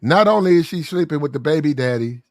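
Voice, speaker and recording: A man telling a story in a casual, animated way, acting out the people in it and often clearing his throat. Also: a little high, fast talker, no echo, studio quality.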